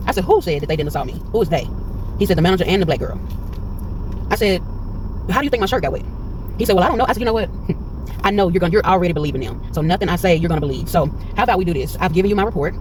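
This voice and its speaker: Fast-talking, high-voiced man telling a story. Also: noisy background. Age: 40s. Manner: animated retelling that acts out quoted dialogue. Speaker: vlogger. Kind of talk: casual storytelling vlog. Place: in a parked car.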